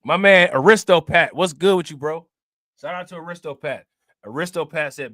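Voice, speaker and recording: A man's voice: on the high side, normal speed, bright, forceful tone, no echo, studio quality. Joking, slangy man streaming live. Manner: joking, laughing, slangy, repeats "you know what I'm saying". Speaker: crypto livestream host. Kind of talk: casual livestream chat.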